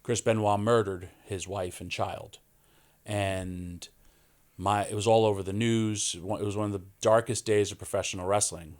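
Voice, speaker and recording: A man, a podcast guest telling animated stories and acting out quoted voices. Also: on the low side, normal speed. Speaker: wrestling guest. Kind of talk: storytelling in a podcast interview.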